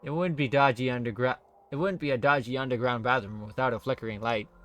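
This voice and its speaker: A man's voice: mid-range voice, fast, a bit bright. Man reading a game aloud. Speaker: streamer.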